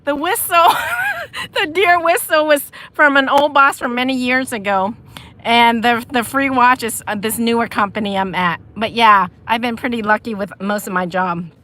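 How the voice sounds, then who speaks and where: Chatty bright-voiced woman live-streaming from a car. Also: on the high side, normal speed. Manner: chatty, addresses viewers, laughs a lot. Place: inside a parked car at night. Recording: car interior with vehicle noise.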